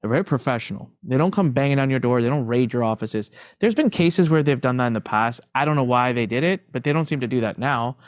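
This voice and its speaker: A middle-aged man, a podcast guest, telling his story candidly in an emphatic, animated way and repeating phrases for emphasis. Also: medium pitch, fast, few pauses, dry recording, studio quality.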